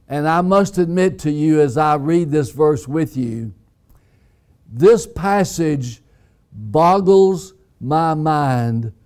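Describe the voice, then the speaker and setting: A man preaching a sermon as pastor, deliberate and emphatic, repeating key phrases. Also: a little high, a little mellow. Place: church sanctuary.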